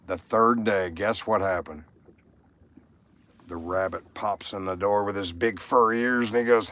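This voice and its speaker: With an animated, fairly bright voice at medium pitch and normal speed, a man rambles through a casual livestream chat. He reads viewer comments out loud and talks to people by name.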